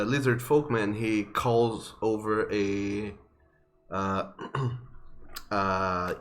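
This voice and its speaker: Slow low-voiced male game master. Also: slight background noise. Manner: slow, halting, with fillers. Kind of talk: narrating a tabletop game.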